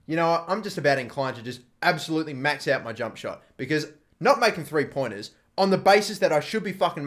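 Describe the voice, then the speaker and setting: A man hosting a gaming video, giving excitable live commentary while he plays and swearing often at the game. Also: high voice.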